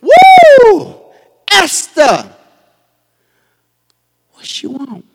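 A man's voice: very high-pitched, huge pitch swings, extremely slow, gravelly, in a large hall, background noise, voice pushed up, heavily acted. A man voicing a delighted, smitten king who whoops and talks eagerly.

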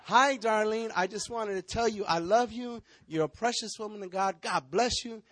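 Figure: kindly church elder, voiced by a man. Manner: gentle, blessing. Acting: 2. Pitch: high. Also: normal speed, no echo.

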